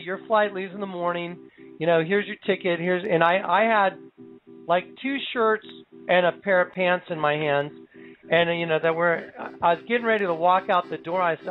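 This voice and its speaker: A man recounting a personal experience as dramatic, halting testimony, full of restarts and pauses. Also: sits high. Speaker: storyteller. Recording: slightly dull recording with faint music.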